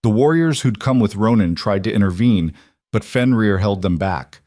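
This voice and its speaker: A man narrating a paranormal romance audiobook in a dramatic, measured way. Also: lowish voice, darkish tone, no echo, studio quality. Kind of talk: scripted narration.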